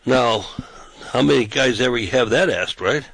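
A man's voice: medium pitch, animated, fairly quick, creaky, fairly bright tone, no room sound, low-quality recording. A man who is a pastor and street preacher, telling anecdotes casually and acting out the quotes in a raised voice. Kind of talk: casual storytelling on a talk show.

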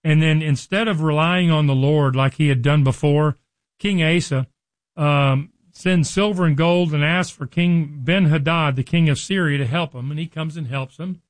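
A man preaching, retelling a Bible story and acting out its dialogue with lively quoted lines. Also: fairly high pitch, moderate pace, dry recording. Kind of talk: Bible teaching.

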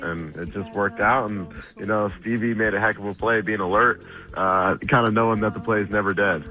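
Bright-voiced football player in a post-game clip. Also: male voice, fairly low pitch, brisk, dull audio, soft background music. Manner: relaxed, hesitant with many fillers.

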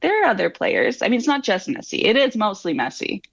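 A woman on a sports panel talks in a loose, rambling way, full of fillers and restarts. Her voice sits low and gravelly. The sound is dry and a little dull. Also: big pitch swings, fairly quick, no echo. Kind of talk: casual sports chat.

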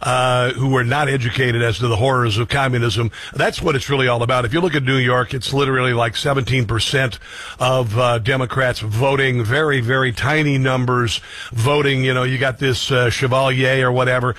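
A man's voice: medium pitch, steady tone, brisk, a bit bright. A man hosting a radio talk show, chatting casually with jokes and self-deprecating asides.

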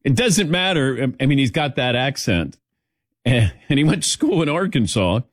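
A man's voice: mid-range voice, sing-song, moderate pace, slightly rough, no echo, clean studio sound. A middle-aged man hosting a sports talk show, joking with his crew, laughing often and calling on them by name. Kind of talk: casual studio banter.

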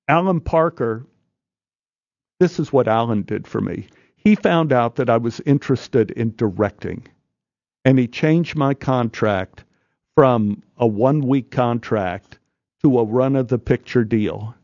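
Male actor, studio interview guest, animated storytelling, acts out voices, stammers, mid pitch, dry dull studio sound. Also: unhurried, dry recording. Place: radio studio.

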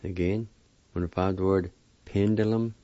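A man's voice: low voice, steady tone, normal speed, dark tone, no echo, lo-fi sound. A man teaching a weekly pronunciation lesson on radio, patiently spelling words and repeating each one syllable by syllable.

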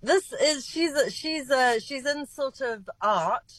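A woman's voice: high-pitched, animated, slow pace, a bit bright, dry recording. A woman reviewing a TV series on the radio, chatty and rambling with many restarts. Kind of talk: casual radio chat. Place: radio studio. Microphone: close studio mic.

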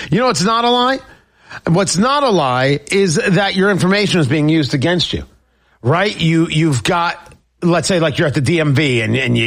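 Animated high-voiced male talk radio host. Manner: emphatic, repetitive, animated. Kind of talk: political talk radio commentary; reading a sponsor ad.

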